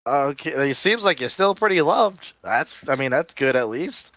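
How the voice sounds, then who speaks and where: A man's voice: on the high side, lively intonation, normal speed, a bit bright, no room sound. A man playing a tabletop game, hesitant and a bit pleading. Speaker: player. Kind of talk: casual tabletop play.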